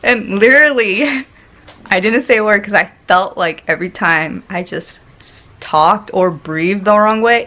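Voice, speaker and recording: Animated woman telling a personal story. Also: mid-range voice, a little slow. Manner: animated, laughs often while telling; swings between loud and hushed tones. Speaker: vlogger. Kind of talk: casual storytelling vlog.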